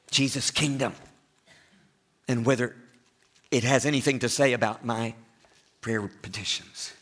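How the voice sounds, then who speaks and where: A man with an East Texas accent preaching a sermon as pastor, chatty and full of questions to his listeners, with big swings in pitch and loudness for emphasis. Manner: conversational, asks the listeners frequent questions.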